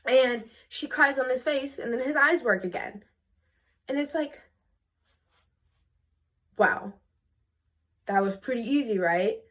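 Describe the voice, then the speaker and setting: A young woman casually retelling a fairy tale for her video, chatty and full of fillers, jumping into quick voices for the characters. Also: fairly high pitch, fairly bright tone, slight background noise. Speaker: video creator.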